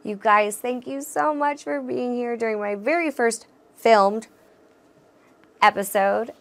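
Podcast host, young woman, gravelly edge, blunt and encouraging. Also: fairly high pitch, takes it slowly. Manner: candid, swears freely, laughs often; encouraging, addresses listeners directly. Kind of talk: casual solo podcast talk.

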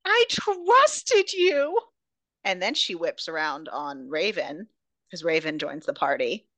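A woman's voice: deep voice, normal speed, fairly bright tone, no echo. A woman hosting a podcast, casually and animatedly recapping a romance novel, swearing freely. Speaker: podcast host.

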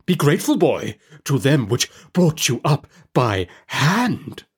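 A man's voice: mid-range voice, very animated, slow, husky, voice pushed up, heavily acted. A man voicing a pompous, blustering older uncle who talks in a hearty, self-satisfied way and draws out his words.

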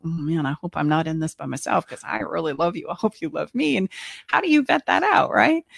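A woman's voice: on the low side, creaky, no echo, clean studio sound. A middle-aged woman co-hosting a podcast, candidly telling a personal story and acting out her own thoughts. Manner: candid, expressive, acts out her own inner voice. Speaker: podcast co-host.

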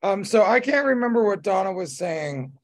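On his podcast, a man with a high, sing-song voice chats at normal speed in a rambling, casual way, full of fillers and restarts.

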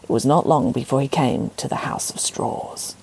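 A woman narrating a children's storybook in an expressive, playful way. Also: a bass voice, moderate pace, vocal fry, breathy edge.

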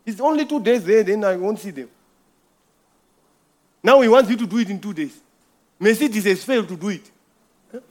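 A middle-aged man preaching a sermon, telling a personal story with repeated words, swinging from loud bursts to hushed asides. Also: sits high, lively intonation, normal speed, pauses often.

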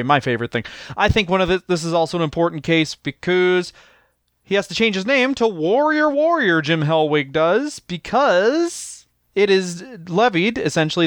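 A man's voice: on the high side, fairly bright tone, smooth, no room sound, studio quality. A man co-hosting a comedy podcast, chatting casually in a profane, joking way and laughing often. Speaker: podcast co-host.

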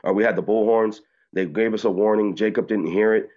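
A man being interviewed, telling his story quickly in one long stretch and acting out what others said. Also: fairly even intonation, muffled recording. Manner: rapid storytelling, mimics people in high voices. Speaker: activist guest. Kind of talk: excited phone-in interview recounting.

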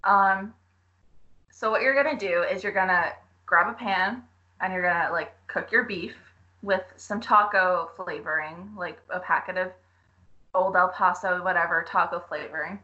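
Bright giggly young woman on a podcast. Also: lowish voice, moderate pace, lo-fi sound. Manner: giggly, giving playful instructions. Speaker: podcast co-host. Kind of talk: casual chat.

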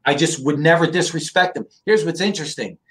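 Middle-aged dude from philly way, storytelling on a podcast, keeps saying right?. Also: male voice, a little high, fairly quick. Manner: animated storyteller, asks "right?" often. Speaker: interview guest. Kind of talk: casual storytelling.

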